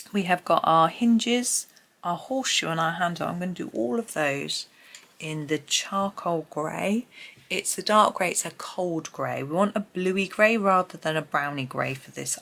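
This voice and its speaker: A woman's voice: lowish voice, gravelly, a bit bright. A woman talking casually through a colouring tutorial as she works, thinking aloud and sometimes dropping to a murmur. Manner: chatty, thinks aloud, drops to a murmur now and then.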